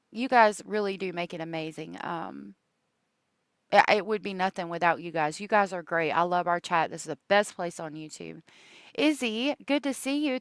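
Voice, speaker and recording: A woman's voice: medium pitch, fairly bright tone, no room sound. A woman hosting a true crime live stream, rambling in casual chat with lots of ums and likes and gushing thanks to her viewers.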